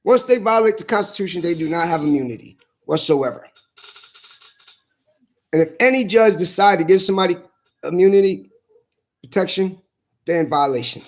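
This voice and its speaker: A man with a strikingly high voice rants with anger and plenty of profanity. He drives each point home by repeating it and slowing down to stress single words. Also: lively intonation. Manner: angry, profane, emphatic repetition; slow hammering emphasis on key words. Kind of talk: heated monologue to camera.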